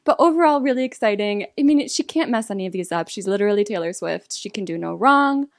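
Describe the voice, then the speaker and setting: A young woman hosting a casual album reaction, thinking aloud in an excitable, rambling way with lots of fillers. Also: mid-range voice, fast talker, no room sound, studio quality. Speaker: music reaction host.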